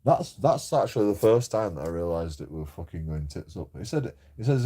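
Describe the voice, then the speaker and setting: A young man telling a sweary, animated story about his landlord. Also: low-pitched, fairly quick, slightly rough. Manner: sweary, animated, mimics others, laughs often. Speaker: vlogger. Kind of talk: casual storytelling rant.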